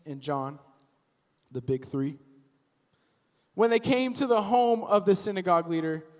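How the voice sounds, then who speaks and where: A young man giving a casual, animated youth sermon as a youth pastor, acting out the people in the story as he goes. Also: sits high. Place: church auditorium. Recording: long hall reverb.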